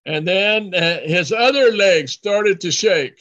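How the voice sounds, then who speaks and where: High, bright-voiced animated male preacher. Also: takes it slowly. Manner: animated, acts out hollering voices. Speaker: preacher telling a story. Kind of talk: sermon storytelling with live interpreter. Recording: dull lo-fi sound.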